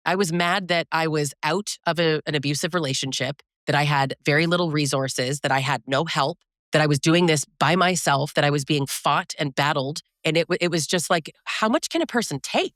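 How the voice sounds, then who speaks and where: A therapist guest speaks frankly and thoughtfully, pausing to search for the right words. The voice is mid-pitched, and the recording is dry and close, with no room sound. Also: fairly bright tone, no room sound. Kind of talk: reflective conversational talk.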